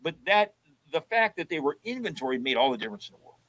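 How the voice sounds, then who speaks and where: A man's voice: a little high, very animated, quick pace, fairly bright tone, low-quality recording. An older man, a guest in an interview, telling casual stories and acting out both sides of old conversations in a folksy way. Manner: folksy storyteller who acts out both sides of past conversations.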